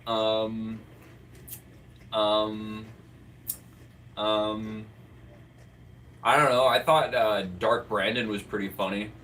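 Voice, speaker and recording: Young male streamer, bright tone, chatty and jokey, slightly distant mic. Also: fairly low pitch, flat delivery, drawn-out words, long pauses. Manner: joking, rambling, frequent restarts. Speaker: streamer co-host. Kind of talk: casual stream chat reading chat.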